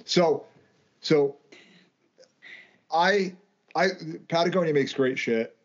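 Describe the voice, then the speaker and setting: A man's voice: a little high, slow. A man co-hosting a casual podcast, ranting and swearing freely, often stumbling and restarting. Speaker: podcast co-host. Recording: dull lo-fi audio.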